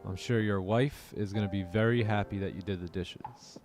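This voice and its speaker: A man hosting a casual trading livestream, chatting loosely with viewers and answering their chat messages. He jokes around and laughs often. A faint music bed plays quietly behind his voice. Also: on the low side, normal speed. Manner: joking, laughs often, reads chat aloud. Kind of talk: casual live-stream chat.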